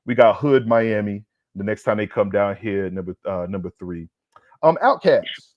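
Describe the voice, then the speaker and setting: A man's voice: fairly low pitch, normal speed, dry recording, lo-fi sound. Hyped, profane man ranting on a podcast. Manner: loud, hyped, profane, repeats "all right?". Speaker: podcast host. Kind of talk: casual comedic rant.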